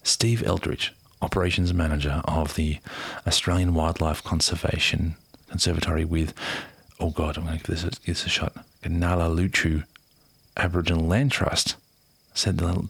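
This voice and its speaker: A man casually reading a news article aloud in a soft, unhurried voice, often half-whispering and chatting in between. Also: deep voice, flat delivery, creaky, slightly rough, dry recording. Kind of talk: casual read-aloud with asides.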